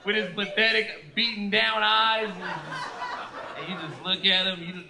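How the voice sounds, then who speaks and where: A man's voice: high voice, fairly even intonation, moderate pace, creaky, background noise. A man doing a brash, profane, rambling stand-up comedy set.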